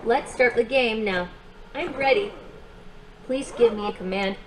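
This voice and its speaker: A bright, playful companion robot for kids, voiced by a woman, cheering a child on through games and calm affirmations. The voice sits a bit high and stays upbeat and encouraging. A clear hum of noise runs underneath. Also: unhurried, natural voice, rough recording. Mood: friendly. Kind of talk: game and guided affirmations for a child.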